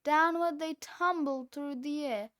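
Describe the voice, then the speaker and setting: A woman reading a children's book aloud, with expressive, deliberate narration. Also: high voice. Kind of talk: read-aloud storybook narration.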